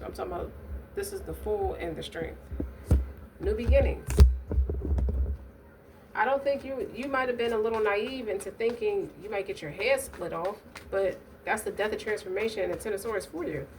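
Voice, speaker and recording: A woman's voice: medium pitch, a little fast. Woman tarot reader, blunt and foul-mouthed, rambling delivery; distant mic, noisy recording. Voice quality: blunt, profane, streetwise talk. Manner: rambling, frequent restarts and asides. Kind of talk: casual tarot reading.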